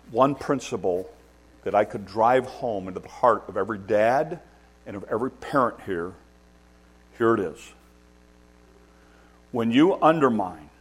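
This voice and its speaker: A man's voice: lowish voice, slightly rough. A man preaching a sermon as pastor, emphatic and repeating key points for stress.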